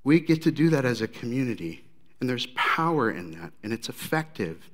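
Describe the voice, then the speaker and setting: A man preaching a sermon in a conversational, animated storytelling way. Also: mid-range voice, moderate pace. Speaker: pastor.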